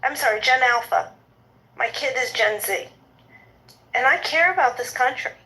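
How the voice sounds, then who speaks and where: A woman's voice: high-pitched, lively intonation, normal speed, sharp tone, low-quality recording. Agitated fifty-year-old woman ranting. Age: 50s. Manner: agitated, indignant, repeats herself. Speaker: participant in an audio chat room. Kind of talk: impassioned political rant.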